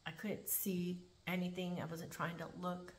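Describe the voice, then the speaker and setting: A woman corrections officer telling a work story in a chatty, animated way, full of "like" and "um". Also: lowish voice, measured pace. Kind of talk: casual spoken storytelling.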